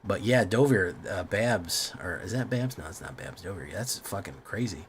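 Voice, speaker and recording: Low-voiced man chatting on a stream. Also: expressive, normal speed, slight background noise. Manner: rambling, self-deprecating, swears often. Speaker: streamer playing a card game. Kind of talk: casual live-stream chat.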